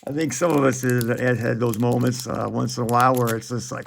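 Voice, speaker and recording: A man's voice: medium pitch, fairly even intonation, a little fast, gravelly. A man in his forties chatting casually while opening trading card packs, rambling and profane, chuckling often.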